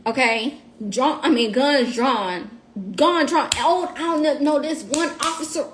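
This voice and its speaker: A woman telling a story on a casual livestream. She is animated and profane, and talks straight to her viewers. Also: high-pitched, unhurried, slight background noise.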